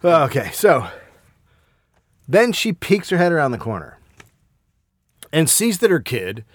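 A man co-hosting a comedy podcast, telling a story in a profane, animated way. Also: fairly high pitch, a little slow, no echo.

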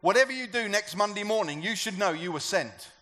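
A man's voice: high-pitched, animated, fairly quick, sharp tone. A man preaching a sermon to a church gathering, talking conversationally and asking the congregation questions. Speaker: pastor.

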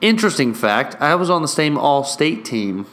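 A young man hosting a casual solo podcast, excitable and profane, rambling through mock play-by-play into a studio mic with a pop filter. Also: on the high side, normal speed. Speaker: podcast host.

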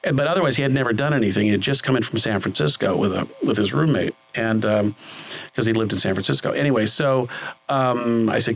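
A man's voice: on the low side, fairly quick, creaky, breathy edge, poor audio. A middle-aged man, a film director, telling a long story in an interview, rambling with many fillers and self-corrections. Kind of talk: conversational storytelling.

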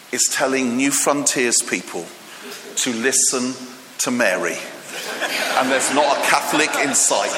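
A man's voice: medium pitch, background noise. A man preaching a humorous, chatty sermon, joking with the congregation and using many fillers. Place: church hall. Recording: echoey hall with long reverb.

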